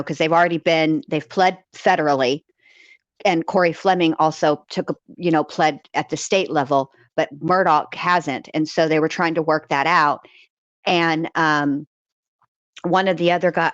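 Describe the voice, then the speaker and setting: A woman's voice: sits low, no room sound, highs cut off. A woman in casual conversation about a criminal case, rambling with fillers and restarts. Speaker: co-host discussing a criminal case. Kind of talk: casual chat.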